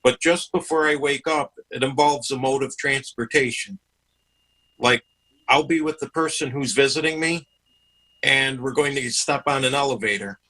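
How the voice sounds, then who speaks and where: A man's voice: medium pitch, moderate pace, bright, forceful tone, low-quality recording. A man hosting an interview, explaining things in a chatty way and often repeating himself. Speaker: host. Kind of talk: conversational interview.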